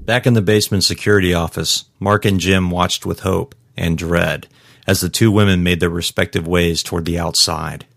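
A man giving scripted narration of a story in a steady, measured way. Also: low-pitched, creaky, dry recording, clean studio sound. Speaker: audiobook narrator.

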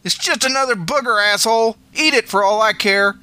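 Guy putting on a cranky foul-mouthed wife hollering back, high and bright, brushing him off. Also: a little fast, clean tone. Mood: annoyed yelling. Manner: raised, dismissive, mocking. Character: irritated, crude wife yelling across the house.

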